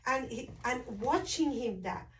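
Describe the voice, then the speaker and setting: A woman chatting casually as a host, telling a family story with lively acted-out quotes. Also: sits high, unhurried, recorded from a distance, rough recording. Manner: animated storyteller, acts out quoted voices. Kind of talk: casual chat.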